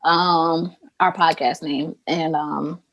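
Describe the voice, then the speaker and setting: Woman co-host with a lowish voice and an unhurried, teasing delivery, casual podcast chat. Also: fairly even intonation, a bit bright, dull audio. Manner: teasing, laughs a lot, slow easy talk.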